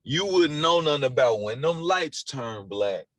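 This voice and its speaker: A man's voice: mid-range voice, animated, unhurried, a bit bright, no echo. Laid-back man telling studio stories. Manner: laid-back storytelling with slang and repeated phrases. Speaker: music producer guest. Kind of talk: casual storytelling interview.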